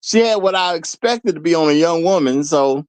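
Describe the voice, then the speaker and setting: A man hosting a live commentary show, animated and laughing often, repeating lines for effect. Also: fairly high pitch, normal speed, clear, resonant tone, dry recording. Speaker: host.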